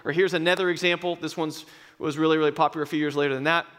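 A male pastor preaching a sermon in a conversational, self-deprecating way, slowing down for emphatic phrases. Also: fairly high pitch, little pitch movement, a bit bright, clear, resonant tone. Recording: long reverb in a large hall.

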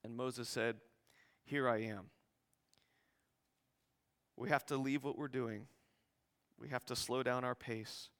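Bright-voiced male pastor preaching. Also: mid-range voice, takes it slowly, pauses often, in a large hall. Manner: animated preaching, acts out biblical dialogue with rising intensity. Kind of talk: sermon.

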